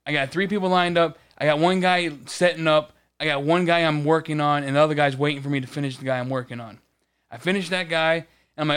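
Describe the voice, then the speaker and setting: A man's voice: a little high, fast talker, smooth. A man co-hosting a casual podcast, telling a work story with lots of swearing. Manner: profane, animated storytelling. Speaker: podcast co-host. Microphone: studio podcast mic.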